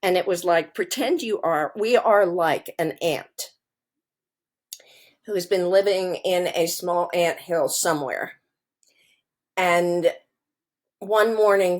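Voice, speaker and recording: A middle-aged woman co-hosting a podcast, talking casually and telling stories in a slow, thoughtful way. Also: fairly low pitch. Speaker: podcast co-host. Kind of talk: casual conversation.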